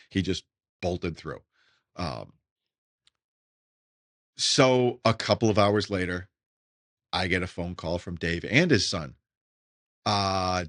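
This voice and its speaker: Middle-aged male podcast host, low voice, casual animated storyteller, dry close mic. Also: measured pace, pauses often, no room sound. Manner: animated, acts out quoted voices, restarts words. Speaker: podcast host, retirement advisor.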